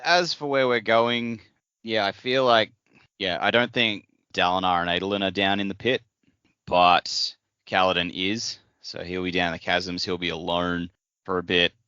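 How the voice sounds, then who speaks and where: A man with a very low voice that has a bright, forceful edge, speculating casually on a podcast. He muses with plenty of fillers. The sound is dry and a bit dull, like lo-fi podcast audio. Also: moderate pace, clear, resonant tone, dry recording. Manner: relaxed, musing speculation with fillers. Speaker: podcast co-host. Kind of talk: casual chat.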